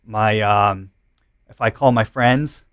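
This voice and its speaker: A middle-aged man from Glasgow with a softened Glaswegian Scottish accent, chatting as a podcast guest and telling rambling anecdotes he laughs at. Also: fairly low pitch, slow, clear, resonant tone, no echo, clean studio sound. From Scotland. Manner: rambling storyteller who laughs at his own anecdotes. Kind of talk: casual chat.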